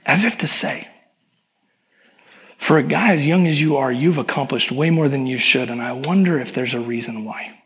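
A man's voice: mid-range voice, moderate pace, a bit bright. A middle-aged male pastor giving a sermon, telling personal stories in a candid, confessional way. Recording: long hall reverb.

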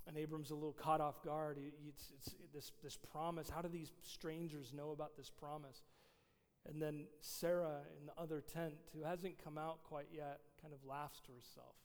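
A man's voice: a little high, fairly even intonation, normal speed, darkish tone. A man, a pastor giving a casual, conversational sermon with many fillers. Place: church sanctuary. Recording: long reverb of a large hall.

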